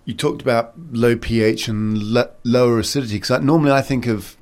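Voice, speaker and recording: A man's voice: mid-range voice, fairly even intonation, a little fast, a little mellow. A man hosting a casual interview, chatting loosely and poking fun at himself, with lots of fillers. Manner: chatty, loose and self-deprecating, with many fillers. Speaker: podcast host.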